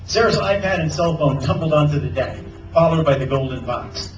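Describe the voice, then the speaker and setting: A man, an author, reading a children's adventure novel aloud at a bookstore event with animated storytelling. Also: fairly high pitch, fairly quick, highs cut off. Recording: roomy sound from a distance.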